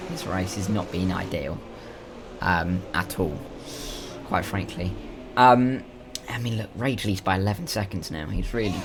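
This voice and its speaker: Young male commentator, lower pitch, even-handed and hedging; noisy feed. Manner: measured, hedging, keeps saying 'to be fair'. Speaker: race commentator. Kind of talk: casual sim racing commentary.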